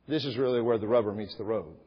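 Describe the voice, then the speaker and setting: A man's voice: fast, slightly rough. A middle-aged man preaching a sermon as pastor, talking conversationally and acting out little dialogues. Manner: conversational, acts out dialogues with rising pitch. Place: church sanctuary. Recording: dull sound with long hall reverb.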